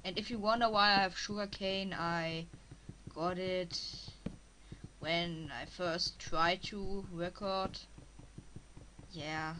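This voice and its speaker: German lady doing a let's play, kinda slow and low, halting, talks to herself, bit of hiss. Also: steady tone, sharp tone, low-quality recording. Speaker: let's player. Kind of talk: casual gameplay commentary.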